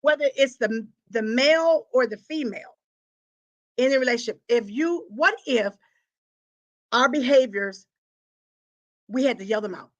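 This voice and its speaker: Woman, live-stream host, preachy and emphatic, higher voice, acts out confessions. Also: a little slow, long pauses, muffled recording. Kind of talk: preachy talk to a live audience.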